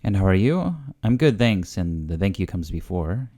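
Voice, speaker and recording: Casual host, low mellow male voice, hesitant learner thinking aloud. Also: sing-song, normal speed. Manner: hesitant, full of fillers and guesses. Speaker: language learner hosting a video series.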